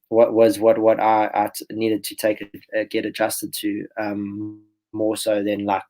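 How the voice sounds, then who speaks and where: Man, 20s, lowish voice, relaxed rambling podcast guest. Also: poor audio. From South Africa. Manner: relaxed, rambling storyteller who restarts phrases. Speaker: professional golfer guest. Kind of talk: casual podcast interview.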